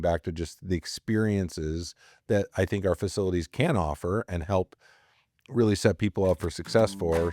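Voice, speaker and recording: A middle-aged man hosting a podcast, telling rambling stories and often tacking on quick tag questions. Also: low voice, darkish tone. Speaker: podcast host. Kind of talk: casual storytelling talk.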